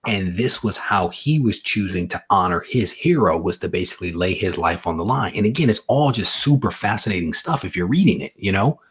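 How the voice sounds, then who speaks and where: A man hosting a casual comics chat on a video call, thinking out loud at length and checking in with rhetorical questions. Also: low voice, lively intonation, brisk, few pauses, breathy edge. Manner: thoughtful, explains at length with rhetorical asides. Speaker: comics podcast host.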